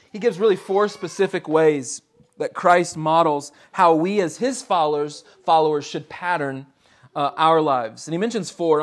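A man preaching a sermon in an earnest, conversational way, repeating key phrases for emphasis. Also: a little high. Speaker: pastor.

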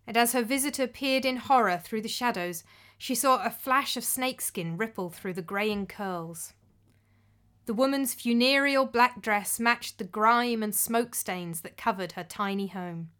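A woman giving measured, descriptive scripted narration of a story. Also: on the high side, sharp tone.

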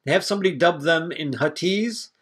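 A man's voice: a little high, normal speed, a bit bright, husky. Opinionated man rambling on movies. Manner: rambling, opinionated, swears freely. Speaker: podcast co-host. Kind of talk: casual movie review chat.

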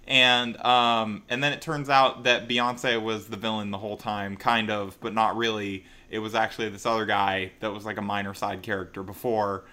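A man's voice: fairly low pitch, level tone, normal speed, hardly any pauses, bright, forceful tone. A man co-hosting a casual movie-review chat, with dry, sarcastic remarks and rambling summaries full of fillers. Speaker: podcast co-host.

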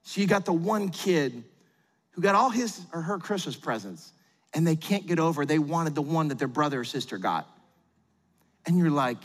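High-voiced pastor preaching in a reverberant hall. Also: male voice, normal speed. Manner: animated, acts out voices and quotes. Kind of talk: sermon.

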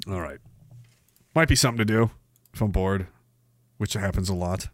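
A man's voice: sits low, normal speed, no echo. A man hosting a livestream, reacting to clips with profane, mocking commentary. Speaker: livestream host.

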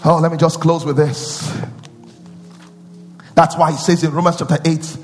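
High-voiced preacher in an echoing hall. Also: male voice, little pitch movement, normal speed. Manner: call-and-response preaching, swinging from loud chanting to low intimate asides. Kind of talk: sermon. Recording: long hall reverb with faint music.

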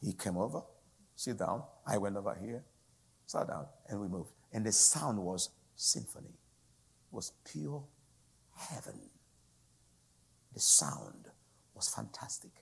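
A man preaching a sermon, his gravelly, raspy voice rising in loud pleading bursts and then dropping to near whispers. His pitch rides up and down with lively, animated swings. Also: slow pace, pauses often. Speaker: guest preacher.

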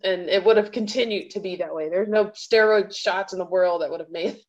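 A frank woman guest speaking plainly in a conversational interview. Her voice sits at a middle pitch. The audio sounds a little dull and lo-fi, as if recorded remotely. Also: a little fast. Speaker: guest, violist and educator.

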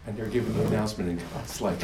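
A man's voice: lowish voice, fairly even intonation, very fast, distant mic, background noise. A man preaching a sermon in an emphatic style, repeating phrases for effect. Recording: roomy echo.

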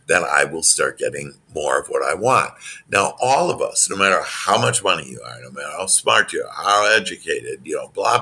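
A man with a very low, gravelly voice that swoops across a wide pitch range as he coaches. His tone is bright and a little husky, and he answers interview questions in spiritual self-help terms with animated energy. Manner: animated, acts out quoted dialogue in a higher voice. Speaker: business coach.

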